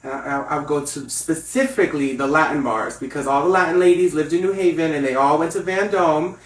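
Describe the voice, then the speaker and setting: A young man talks as a guest on a podcast, telling his story with lively, animated delivery. His voice sits fairly high for a man. He sounds set back from the microphone in an echoey room. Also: a little fast. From Connecticut. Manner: animated storyteller, acts out high voices when quoting others. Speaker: guest, makeup artist. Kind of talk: casual interview chat. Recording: echoey room, mic at a distance.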